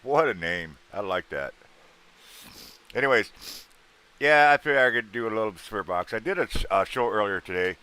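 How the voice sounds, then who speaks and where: With a voice a bit spent from an earlier show, this man runs a laid-back livestream, joking with viewers and greeting them by name. The pitch is fairly low, the intonation lively, the pace normal, and the tone bright, forceful and clean.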